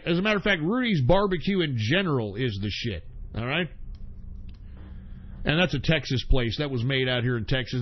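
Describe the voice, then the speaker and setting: A man hosting a casual talk radio show and answering listener questions in a profane, ranting way, with sudden shouted bursts. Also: on the high side, muffled recording.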